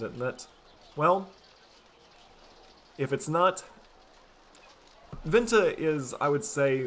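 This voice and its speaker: A man's voice: mid-range voice, a bit bright. A man commentating his strategy game in character, musing and playfully boastful, with frequent hesitant fillers. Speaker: gameplay commentator. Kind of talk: let's play commentary in role. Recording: faint music behind voice.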